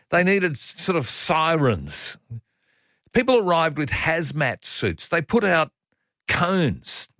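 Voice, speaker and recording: Jokey Australian radio host. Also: male voice, a little high, very animated, takes it slowly, pauses often, a bit bright, dry recording, studio quality. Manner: jokey, teasing banter. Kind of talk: casual radio chat.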